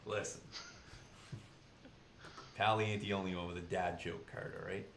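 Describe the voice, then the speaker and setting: A man's voice: low voice, flat delivery, quick pace, a bit bright, roomy sound, a little hiss or hum. A man with an East Coast Canadian accent, co-hosting a livestream and joking as he reads the chat aloud. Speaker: co-host. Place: studio.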